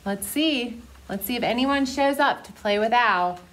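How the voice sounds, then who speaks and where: A woman's voice: a little high, a little hiss or hum. A woman who is a children's librarian, leading a toddler story time in a coaxing sing-song style. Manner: slow, bright sing-song, coaxing little listeners.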